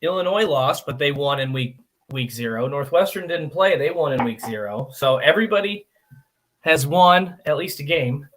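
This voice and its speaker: A man's voice: a little high, lively intonation, normal speed. A man co-hosting a sports radio show, chatty and joking as he goes through results. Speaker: radio co-host. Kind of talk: casual sports radio chat.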